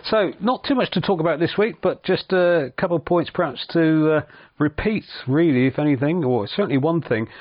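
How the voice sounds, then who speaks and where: A relaxed man hosts a local radio segment, nudging the talk along with short acknowledgements. His voice sits a touch high. The sound is dry and a little dull. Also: fairly quick, dry recording. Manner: relaxed, prompting with short "right"s. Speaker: radio host. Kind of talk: casual radio interview.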